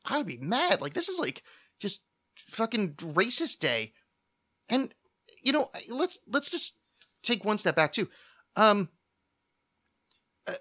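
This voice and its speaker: Young male podcast host, solo rant, bright upper-range voice, sweary and stammering. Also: on the high side. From United States. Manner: profane, ranting, stammering restarts, mocking put-on voices.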